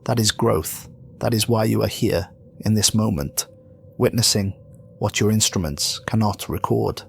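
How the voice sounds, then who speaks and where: A man voicing a calm, commanding archangel who speaks gently but with solemn, measured authority. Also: lowish voice, gravelly, a little hiss or hum. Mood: gentle.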